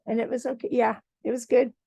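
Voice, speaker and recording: A woman from Michigan, a textile artist, giving a lively personal talk at a symposium and acting out quoted dialogue. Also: a little high, quick pace, gravelly, breathy edge, dry recording. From Michigan, USA. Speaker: guest speaker, textile artist.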